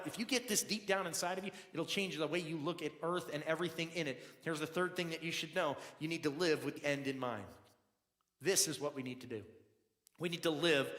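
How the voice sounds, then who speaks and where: High bright-voiced pastor in an echoing hall. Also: male voice. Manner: conversational, repeats words as he builds emphasis; swings from low confiding tones to loud emphatic bursts. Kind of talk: sermon. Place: church sanctuary. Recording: echoey hall, long reverb.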